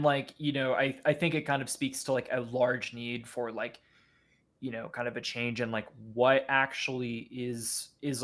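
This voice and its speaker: Halting man in a casual podcast talk. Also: medium pitch, fairly bright tone. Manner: halting, many fillers and restarts. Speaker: podcast guest.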